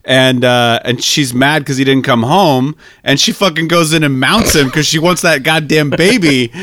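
A man in a casual podcast chat, retelling movie scenes with animated, swearing enthusiasm. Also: fairly high pitch, normal speed. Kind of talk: casual film discussion.

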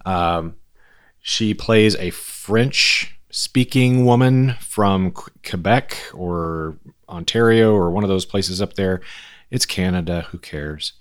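Deep-voiced man, wry and rambling. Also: slow pace, smooth. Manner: rambling, wry, self-deprecating. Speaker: podcast co-host. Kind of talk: casual chat.

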